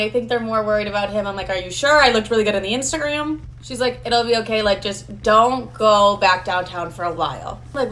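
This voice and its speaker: A woman's voice: medium pitch, fast, few pauses, a bit bright. A young woman telling a casual, chatty story full of swearing and "like".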